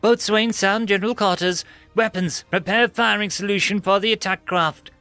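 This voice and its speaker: A man's voice: high-pitched, fairly even intonation, moderate pace, pushed and bright, no room sound, soft background music, pitched above the performer's own voice. A man voicing a stern, veteran woman starship captain who barks orders at her crew. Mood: commanding.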